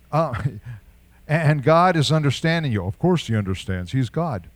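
A man's voice: a little high, expressive, measured pace, no echo. An older man preaching a sermon in a conversational way, asking rhetorical questions and chuckling now and then. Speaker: pastor.

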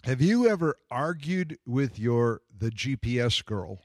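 Male pastor, mid-pitched, tells stories and asks the congregation questions; dry, close-miked sound. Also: lively intonation, unhurried, no echo. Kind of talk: sermon.

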